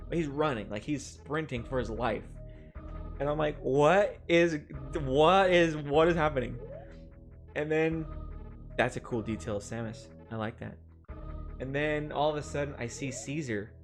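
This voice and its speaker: Casting note: young male game streamer, easygoing, rambling storyteller who keeps saying "like", with game music underneath. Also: mid-range voice. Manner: rambling, with many "like" fillers and chuckles. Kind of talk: casual storytelling while playing a game.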